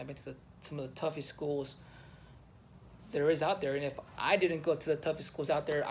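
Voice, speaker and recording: Man, slightly high voice, army veteran, raw personal monologue with frequent swearing, faint background hiss. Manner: raw, emotional, swears often, halting restarts. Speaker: army veteran telling his story.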